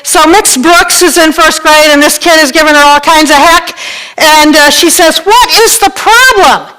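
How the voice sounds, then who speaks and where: A woman minister telling a joke with laughter and leading a calm, softly spoken prayer in a church sanctuary. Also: high-pitched, moderate pace, rough recording. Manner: warm, laughing storyteller, then soft and calm in prayer. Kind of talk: sermon joke and guided prayer.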